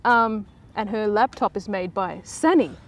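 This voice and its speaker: A woman's voice: medium pitch, measured pace. A woman casually recapping a soap episode in a chatty, sarcastic way, mocking the characters.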